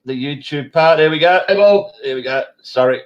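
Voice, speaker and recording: A man's voice: on the high side, moderate pace, muffled recording. A man hosting a live-stream chat, rambling and swearing casually. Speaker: host.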